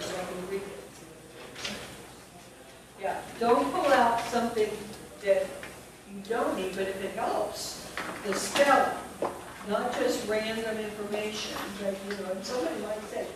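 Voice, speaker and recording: A woman leads a classroom workshop, explaining spelling step by step and thinking aloud as she goes. She sounds distant from the mic. Her voice carries a heavy room echo over steady background noise. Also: medium pitch, a little slow. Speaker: teacher trainer. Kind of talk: classroom teaching. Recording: echoey room from far off with noise.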